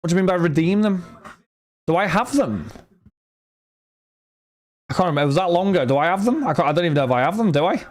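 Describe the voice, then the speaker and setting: A man's voice: high-pitched, lively intonation, fast, long pauses. A young man chatting casually with his live stream chat while opening cards, rambling and talking to friends. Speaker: card break streamer.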